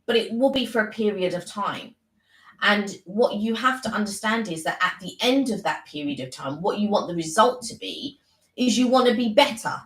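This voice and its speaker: A woman's voice: mid-range voice, lively intonation, moderate pace, a bit bright, roomy sound, rough recording. A woman co-hosting a casual live stream, talking earnestly and rambling with many restarts.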